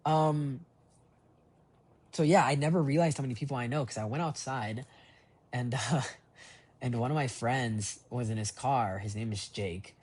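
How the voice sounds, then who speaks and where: A man's voice: mid-range voice, moderate pace, long pauses, darkish tone, slightly rough. A young man recording a rambling, reflective voice memo diary on his phone, full of fillers and restarts. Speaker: voice diary keeper.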